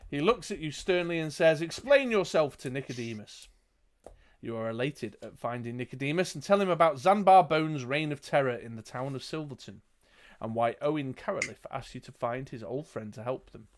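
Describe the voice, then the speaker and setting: A man's voice: mid-range voice, a little fast. A man reading a gamebook aloud as game master, with chatty asides. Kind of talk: narrating a gamebook playthrough.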